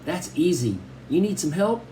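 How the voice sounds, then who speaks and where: A man's voice: fairly high pitch, very animated, normal speed, warm tone, slight background noise, pitched above the performer's own voice. A man reading an audiobook, voicing a friendly, talkative country boy with an Arkansas drawl. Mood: chatty. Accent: Southern US, Arkansas. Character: friendly chatty country boy from the rural South. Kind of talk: audiobook character voice.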